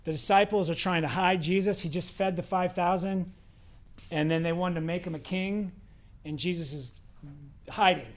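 A man with a high-pitched voice preaching in a relaxed, conversational way. He tells the story with lively acted quotes and talks straight to his congregation. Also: normal speed. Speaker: pastor. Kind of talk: sermon.

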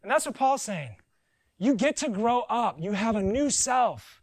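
A man preaching a conversational sermon, joking and animated, with silly voices in his asides. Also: very high-pitched, measured pace, dry recording, poor audio. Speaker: pastor.

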